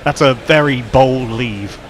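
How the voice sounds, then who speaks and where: A man giving calm, technical analysis of cricket shots as a co-commentator. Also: medium pitch, takes it slowly, a little hiss or hum.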